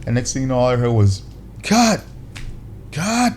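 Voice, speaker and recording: A man, a podcast guest who works as an actor and director, telling a lively anecdote and acting out other people's lines. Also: rapid-fire, slight background noise. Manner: lively, acts out other people's lines with big pitch jumps. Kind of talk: animated storytelling anecdote.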